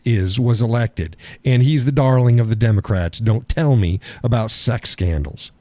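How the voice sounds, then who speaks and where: A man's voice: medium pitch, normal speed, hardly any pauses, mellow, dry recording. An older man hosting a live stream, talking in a folksy, sardonic way and chuckling often. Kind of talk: casual political chat.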